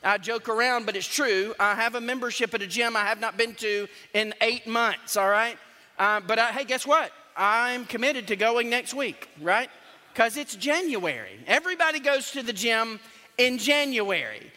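A man's voice: very high voice, animated, moderate pace, pushed and bright. A male pastor, preaching a sermon in a conversational, joking and emphatic way. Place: church sanctuary. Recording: long church hall reverb.

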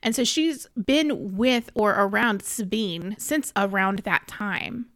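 A woman's voice: mid-range voice, slow pace, a bit bright, no echo, studio quality. A woman co-hosting a book podcast in casual chat, teasing and encouraging her co-host.

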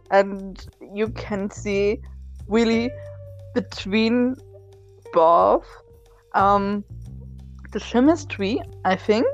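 A woman talks slowly and emotionally in a casual chat, hesitating often and filling her pauses with ums. Her voice comes through a dull, lo-fi recording, with faint music underneath. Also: mid-range voice. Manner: emotional, halting, many fillers. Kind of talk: casual chat about a TV series.

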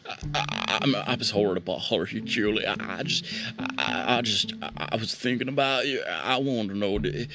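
A man's voice: lowish voice, moderate pace. A man doing nervous comedic banter, stammering and repeating words as he talks to a chatbot. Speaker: prank caller chatting with a chatbot.

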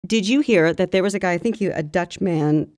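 A woman's voice: on the low side, a little fast, darkish tone, no echo, clean studio sound. A woman co-hosting a casual podcast, talking in a chatty, gossipy way. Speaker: podcast co-host. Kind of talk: casual chat.

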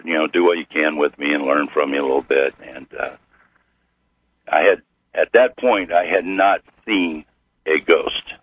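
A middle-aged man from Missouri, a guest telling his story slowly with many pauses and fillers. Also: low voice, slightly rough, dry recording. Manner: slow, halting with many fillers. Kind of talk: storytelling interview. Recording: tinny phone-like radio line.

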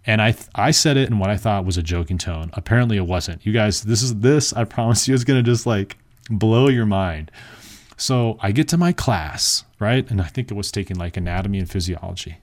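A man's voice: fairly low pitch, brisk. A young man telling a personal story in a casual, rambling way, full of fillers and self-mocking asides.

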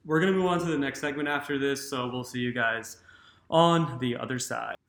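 A man's voice: medium pitch, brisk, gravelly, fairly bright tone, roomy sound. A young man hosting a podcast in casual chat, joking and swearing freely. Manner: profane, joking. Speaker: podcast host.

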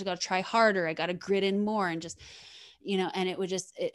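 Low, smooth-voiced woman podcast host. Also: no echo, clean studio sound. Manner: enthusiastic, earnest, repeats words often. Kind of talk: casual podcast chat.

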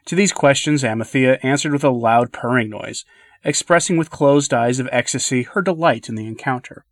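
A man reading a literary essay aloud in a measured, earnest way, letting his voice drop softly at the ends of phrases. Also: medium pitch, dry recording, studio quality. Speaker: podcast reader.

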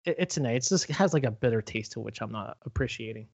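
Man, podcast co-host, mid pitch, rambling, slightly dull recording. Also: expressive, quick pace, gravelly, no echo. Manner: rambling, lots of fillers and restarts. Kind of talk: casual chat.

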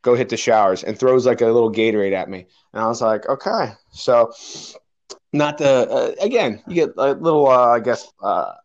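A man's voice: medium pitch, muffled recording. A man, a personal trainer, telling a long story in casual chat and acting out the voices of the people in it.

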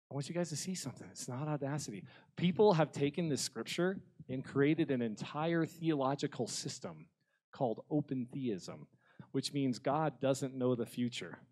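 A man preaching a sermon, blunt and humorous, swinging between loud passages and hushed ones. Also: mid-range voice, expressive, moderate pace, breathy edge. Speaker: pastor.

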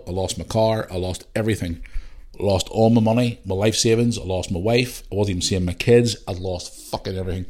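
A man's voice: fairly low pitch, a little mellow. A man in his forties from the UK, hosting a podcast and telling a long personal story in a heated, profane way. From United Kingdom. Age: 40s. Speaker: podcast host. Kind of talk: casual monologue.

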